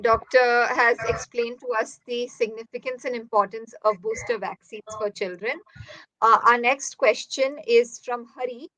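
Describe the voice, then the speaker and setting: A woman's voice: a little high, steady tone, normal speed, pushed and bright, no echo, low-quality recording. A woman, politely reading parents' questions to a doctor with frequent "uh" fillers as a workshop moderator. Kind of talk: moderating an online Q&A.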